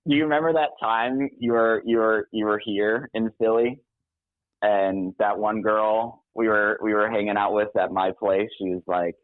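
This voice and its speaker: A man's voice: on the low side, moderate pace, no echo. A man calling in by phone, chatting casually, rambling with frequent restarts and laughs. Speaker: caller. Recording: tinny phone line.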